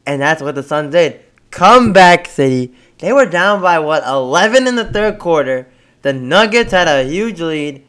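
A man co-hosting a casual sports podcast, excitable and laughing often as he cheers on his team. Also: high voice, moderate pace. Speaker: podcast co-host.

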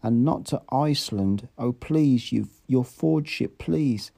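A man's voice: slow, creaky, dark tone, breathy edge, heavily acted. A man voicing a frantic, tearful young man begging not to be sent away in an audiobook reading. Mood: pleading, sobbing. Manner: pleading, tearful and high-strung.

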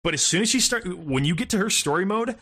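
A man's voice: high voice, animated, fast talker, bright, forceful tone. A man co-hosting a casual gaming podcast, rambling, swearing and laughing as he talks. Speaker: podcast co-host.

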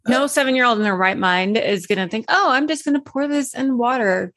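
A woman's voice: fairly high pitch, a little fast, fairly bright tone, no echo. A woman listening in a conversation, putting in brief, dry remarks.

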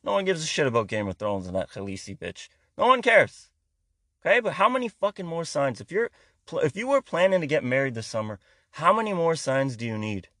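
A man's voice: on the high side, very animated, fairly quick, fairly bright tone, no echo. Foul-mouthed man ranting. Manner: heavy swearing, rambling, sarcastic. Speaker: comedian. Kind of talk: profane comedic rant monologue.

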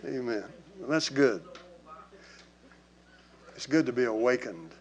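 A man's voice: medium pitch, lively intonation, a little slow. A man preaching a sermon to his congregation in a church. He talks in an emphatic, conversational way and calls out to the people in front of him. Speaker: pastor.

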